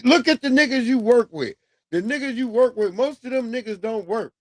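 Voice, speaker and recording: A man's voice: extremely high pitch, lively intonation, fairly quick, dry recording. A man hosting a casual livestream, talking loosely with profanity and street slang. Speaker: livestream host.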